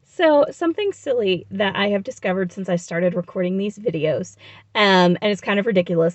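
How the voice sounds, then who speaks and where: A woman's voice: mid-range voice, big pitch swings, normal speed, no room sound. A young adult woman vlogger telling a personal story in a casual, rambling, self-reflective way with many fillers.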